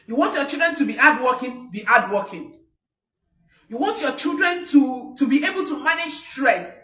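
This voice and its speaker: A woman's voice: high voice, animated, moderate pace, sharp tone. A woman, coaching parents in an emphatic talk that repeats key points. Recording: echoey room, voice from a distance.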